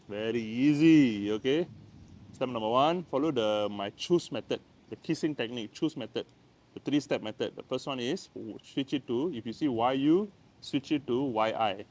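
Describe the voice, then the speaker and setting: A man's voice: medium pitch, a little mellow. Chatty Malaysian-accented man teaching outdoors. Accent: Malaysian English. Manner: chatty, playful, repeats words. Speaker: language teacher. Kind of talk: casual outdoor language lesson. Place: by the door of a house, outside in the rain. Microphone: handheld camera.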